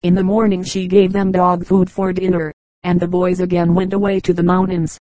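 Calm, even-voiced woman reading folk tales. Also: lowish voice, brisk, dry recording, low-quality recording. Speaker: audiobook reader. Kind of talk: scripted narration of folk tales.

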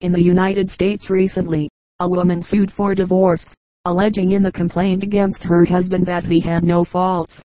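A woman's voice: lowish voice, flat delivery, moderate pace, dark tone, no room sound, rough recording. A woman reading a collection of short humorous anecdotes as an audiobook narrator. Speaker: audiobook reader.

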